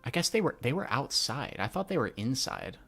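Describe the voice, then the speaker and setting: A man's voice: medium pitch, very animated, a little fast, creaky, a bit bright, faint music behind. A young man casually reading and reacting to a manga, swearing and laughing in slang.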